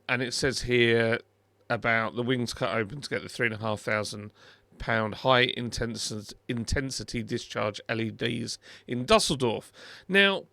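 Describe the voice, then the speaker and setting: A man's voice: medium pitch, pushed and bright, no room sound. A middle-aged British man hosting a car video, chatting casually and wryly over a screen recording, with many fillers and restarts.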